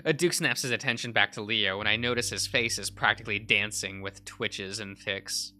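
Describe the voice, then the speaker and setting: A man's voice: fairly low pitch, normal speed, sharp tone, soft background music. A young man streaming, reading a visual novel aloud with many uhs and restarts.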